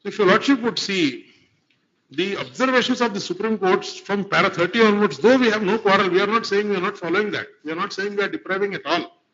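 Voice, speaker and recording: The recording, dull and lo-fi, comes from a courtroom where a man argues formally as an advocate. He talks fast, his voice sitting high with a fairly bright tone, and he is deferential, constantly addressing the bench and often saying "my lord."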